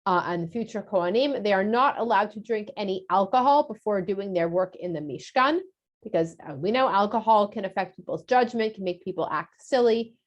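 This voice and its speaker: A woman voicing God giving instructions in a retold story, calm and reasoned like a teacher. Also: medium pitch, a little fast, highs cut off, close to an everyday voice. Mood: instructive.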